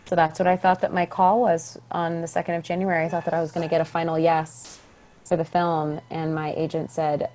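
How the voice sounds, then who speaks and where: A young woman, a stage actress, chatting as a podcast guest, telling her story with lively acted-out quotes. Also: low-pitched, a little fast, a little hiss or hum. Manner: animated, acts out quoted voices. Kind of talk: casual interview storytelling.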